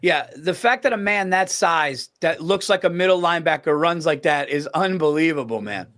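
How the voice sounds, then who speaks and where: A man's voice: a little high, expressive, normal speed, a bit bright. A man co-hosting a casual sports podcast, talking football betting picks in a loose, laughing way. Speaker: podcast co-host.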